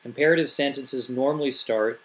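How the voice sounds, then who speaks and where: A man's voice: mid-range voice, moderate pace. A middle-aged man, an elementary school teacher, patiently explaining grammar step by step and asking rhetorical questions. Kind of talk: classroom grammar tutorial.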